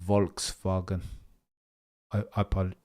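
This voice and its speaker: A man's voice: sits low, level tone, takes it slowly, a little mellow. A man hosting a casual livestream, reading viewer comments and chatting about the topic in a rambling way.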